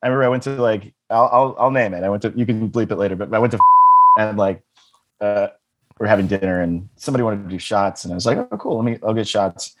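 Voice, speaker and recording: A man's voice: fairly low pitch, quick pace, bright, forceful tone. A man on a podcast telling rambling comic stories, laughing often and swearing. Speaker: podcast guest. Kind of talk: casual comedic storytelling.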